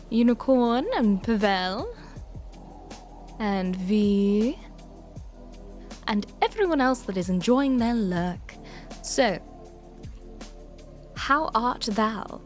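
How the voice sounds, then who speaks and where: A prim, self-important evil twin, as a woman streamer puts her on, full of theatrical, old-fashioned turns of phrase. Her voice sits fairly high, and she takes her time, drawing the words out slowly. She chats through a live stream with her own smug flourish. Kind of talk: live stream character chat.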